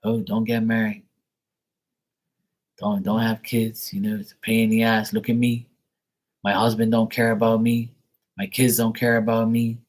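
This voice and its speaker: A man's voice: lowish voice, monotone, normal speed, long pauses, a little mellow, lightly acted. A man voicing his elderly aunt in her sixties, forgetful and blunt, who complains and asks confused questions. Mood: complaining.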